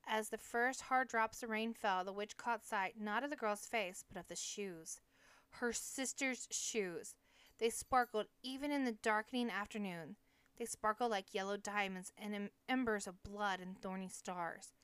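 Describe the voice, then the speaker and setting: Woman narrator, smooth clear voice, dry close sound, steady audiobook read. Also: mid-range voice, no room sound. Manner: steady, measured reading. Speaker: audiobook reader.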